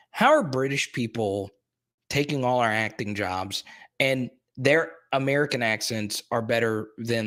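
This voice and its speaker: Male stream host, mid pitch, excitable, talks straight to the chat and repeats himself. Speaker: sports live stream host. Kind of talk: casual live stream chat.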